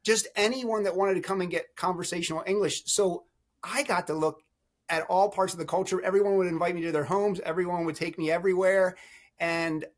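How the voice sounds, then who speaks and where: A middle-aged man, a podcast guest, telling lively stories in a casual chat. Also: high voice, brisk. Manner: animated, laughing storyteller. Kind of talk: storytelling chat.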